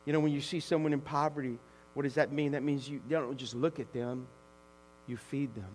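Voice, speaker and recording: A man preaching a sermon as pastor, animated, swinging from hushed to shouting. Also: mid-range voice, brisk. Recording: long hall reverb with mains hum.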